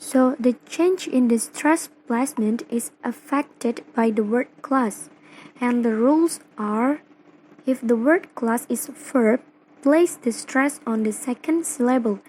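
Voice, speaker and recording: A young woman from Indonesia with an Indonesian accent, reading a class presentation slowly and carefully, phrase by phrase. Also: on the high side, a little mellow, slight background noise, low-quality recording. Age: young adult. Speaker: student presenter. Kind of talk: read-aloud class presentation.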